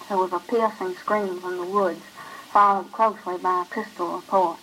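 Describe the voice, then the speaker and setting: A woman narrating a short story in a measured, even voice. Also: fairly low pitch, slight background noise, poor audio. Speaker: reader.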